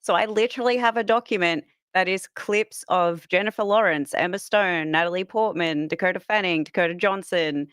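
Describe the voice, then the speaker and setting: A woman who coaches voices, chatting casually on a podcast with quick wit and frequent laughs. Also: lowish voice, a bit bright, clear, resonant tone, dry recording, clean studio sound. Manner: quick-witted, laughs a lot. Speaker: voice coach and podcast cast member. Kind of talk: casual chat.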